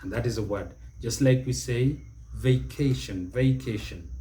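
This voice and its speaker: A middle-aged man hosting a spoken lesson, repeating each word slowly and deliberately for emphasis. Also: medium pitch, dark tone, a little hiss or hum. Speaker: pronunciation teacher and show host. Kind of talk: spoken English lesson to camera.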